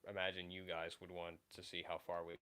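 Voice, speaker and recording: Young male streamer, deep, clean voice, loose rambling chat. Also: completely flat delivery, a little fast, bright, forceful tone, clear, resonant tone. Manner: rambling, many fillers and restarts. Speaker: livestream host. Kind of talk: casual livestream chat.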